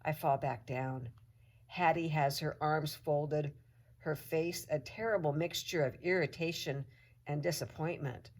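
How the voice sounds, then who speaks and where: A woman teacher reading a children's chapter book aloud to her class with expressive storytelling. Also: low voice, measured pace.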